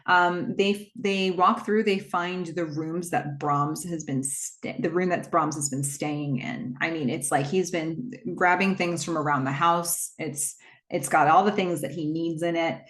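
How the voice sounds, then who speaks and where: A woman's voice: sits low, a little slow, fairly bright tone, roomy sound. Chatty woman recapping a movie. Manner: chatty, breezy retelling with asides and little acted quotes. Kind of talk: casual movie plot recap.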